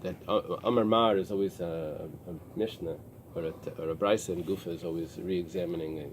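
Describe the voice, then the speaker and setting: A man teaching a Talmud class, pausing and restarting often as he explains the text. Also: sits low, steady tone, slight background noise. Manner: explains in halting restarts with many fillers. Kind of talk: early-morning Talmud class. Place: synagogue study room with a small group.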